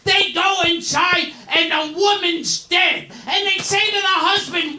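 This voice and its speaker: A comedian with a piercing, extremely high voice shouts crude jokes at a roast. The sound comes from far off in an echoing venue. A noisy crowd hums underneath. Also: steady tone, unhurried, few pauses. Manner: screeching, yelling punchlines, acting out characters. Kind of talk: shouted stand-up joke telling. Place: roast event stage. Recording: distant roomy live venue with crowd noise.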